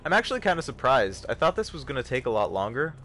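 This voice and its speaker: A young man hosting a livestream, giving casual, jokey gameplay commentary with sudden excited yelps. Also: medium pitch, fast talker. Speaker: livestream host.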